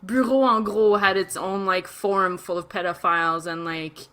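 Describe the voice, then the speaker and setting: A woman's voice: on the low side, fairly even intonation, moderate pace, a bit bright. A woman telling a story in a casual chat, filling her sentences with 'like' and trailing off. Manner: loose, 'like'-filled, trailing off. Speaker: podcast co-host.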